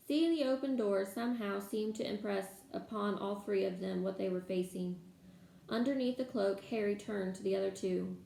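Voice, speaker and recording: A woman reading a novel aloud to listeners in steady storytelling manner, in an echoey room. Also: mid-range voice, moderate pace, gravelly. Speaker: reader. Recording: echoey room, faint background noise.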